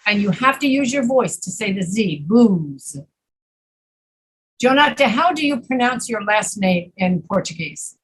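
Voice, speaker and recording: A woman teaching an English pronunciation class, patiently repeating words slowly to demonstrate sounds. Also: medium pitch, expressive, husky, low-quality recording. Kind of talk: online pronunciation lesson.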